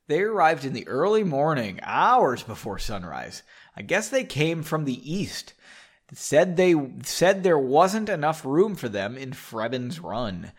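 A weary young barmaid at a busy inn, read aloud by a man, fretting about rowdy guests with an exasperated, sighing delivery. The voice sits a little high and moves around a lot. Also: big pitch swings, measured pace, breathy edge, exaggerated voice.

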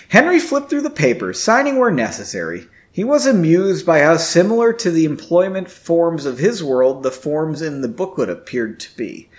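Lively, chatty man reading a story. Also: fairly high pitch, normal speed, few pauses. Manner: chatty, self-mocking asides. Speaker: amateur audiobook reader. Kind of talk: casual reading aloud with asides.

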